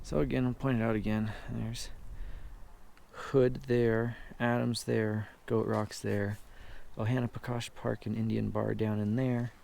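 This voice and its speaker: A man filming himself on a high mountain trail, chatting casually to an action camera and pointing out landmarks as he walks. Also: little pitch movement, unhurried, gravelly, darkish tone. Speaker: hiker filming his trip.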